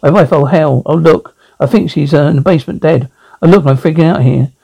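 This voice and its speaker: A man's voice: a little high, a little fast, vocal fry, dark tone, low-quality recording. An actor playing a meek, nervous middle-aged insurance salesman who stammers and apologizes in a TV drama. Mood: panicked. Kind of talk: TV drama acting.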